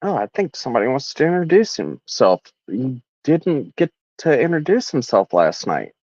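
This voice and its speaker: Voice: mid-range voice, very animated, normal speed, a little mellow, no room sound, highs cut off. A livestream host ranting casually in a sarcastic, mocking way.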